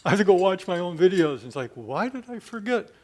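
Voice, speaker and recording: A man's voice: high-pitched, very animated, fast talker, a little mellow. A man giving a hands-on repair demonstration in his home gym, chatting and talking to himself as he works. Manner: chatty, talks to himself while working. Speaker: DIY video maker.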